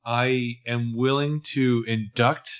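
A man's voice: medium pitch, steady tone, slow. A man co-hosting a podcast, casually recapping a TV episode and jokingly acting out characters' lines. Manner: jokey, acts out characters' lines in passing. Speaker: podcast co-host.

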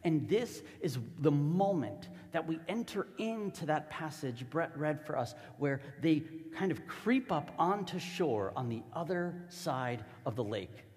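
A man's voice: on the high side, expressive, unhurried, hardly any pauses, darkish tone, in a large hall. A man preaching a sermon as a pastor, telling the story casually and with animation.

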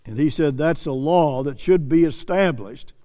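A man's voice: a little high, normal speed, warm tone, long reverb tail. A man preaching earnestly, repeating phrases for emphasis and reading quotes aloud. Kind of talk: sermon commentary.

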